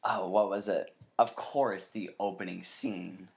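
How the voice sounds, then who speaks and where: A man's voice: low voice, fairly even intonation, a little slow, gravelly. Guy co-hosting a podcast, easygoing casual chat, short agreeing replies. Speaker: podcast co-host.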